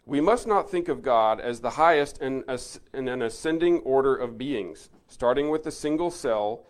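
A man giving an earnest Bible teaching, stressing key words and then dropping to a soft, reflective tone. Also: medium pitch, animated, normal speed.

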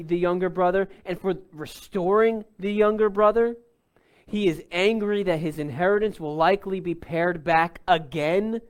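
A man preaching an expository sermon, explaining a passage in a deliberate teaching tone with bursts of emphasis. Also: high voice. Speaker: pastor.

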